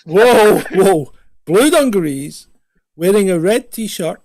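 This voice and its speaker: A man from the UK co-hosting a live podcast, playful and animated in casual banter. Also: high-pitched, slow, no echo. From United Kingdom. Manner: animated, playful, fond of shouting out. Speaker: podcast co-host.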